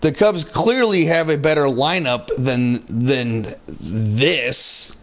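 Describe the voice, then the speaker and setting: Speaking slowly in a fairly bright, medium-pitched voice, a beer-drinking streamer several drinks in gives rambling, easygoing commentary on his game, cursing freely as he goes.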